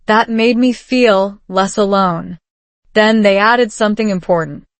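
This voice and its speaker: A woman giving calm, measured scripted narration of a story for English learners. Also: medium pitch, dry recording.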